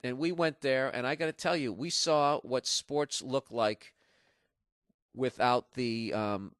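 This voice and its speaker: A man's voice: medium pitch, slow pace, fairly bright tone, smooth, no echo, clean studio sound. A man from Massachusetts, hosting a podcast in a rambling, profane comedic monologue. He is jet-lagged. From Massachusetts, USA. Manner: profane, sarcastic, riffing. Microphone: podcast studio mic.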